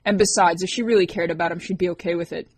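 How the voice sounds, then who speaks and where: A woman's voice: lowish voice, steady tone, racing, darkish tone, no room sound, natural voice. A woman voicing a cold, dismissive teenage girl in an audiobook.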